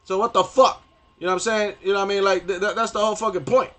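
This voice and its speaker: A man's voice: high-pitched, steady tone, very fast, fairly bright tone. A young man ranting on a gaming stream, profane and rambling, stumbling over restarts and repeating himself.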